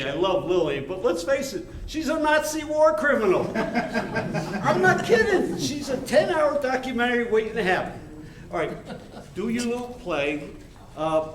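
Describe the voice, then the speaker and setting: Guy doing a pushy hollywood agent, high voice, stage play heard from far back. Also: very echoey, slight background noise. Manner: pushy, wisecracking salesman patter. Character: brash fast-talking male Hollywood agent. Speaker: stage actor. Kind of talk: live amateur stage play. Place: theater stage.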